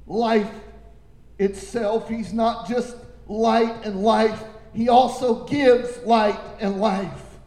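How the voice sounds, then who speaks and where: Male pastor, high mellow voice, slow deliberate sermon delivery, booming church reverb. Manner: preaching with big swings, from shouts down to low quiet lines. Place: church sanctuary. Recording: echoey hall with long reverb.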